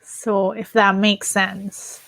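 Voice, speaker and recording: A woman from the Philippines co-hosting a podcast, talking politics in an opinionated, animated way. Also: mid-range voice, drawn-out words, vocal fry, no room sound. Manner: opinionated, animated, restarts mid-thought. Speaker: podcast co-host. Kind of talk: casual chat.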